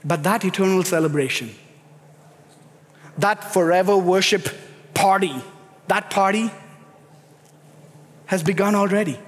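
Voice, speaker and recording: A man's voice: sits high, measured pace, pauses often. A man preaching a sermon, emphatic and building in intensity as he speaks. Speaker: pastor. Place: church sanctuary. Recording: echoey hall reverb.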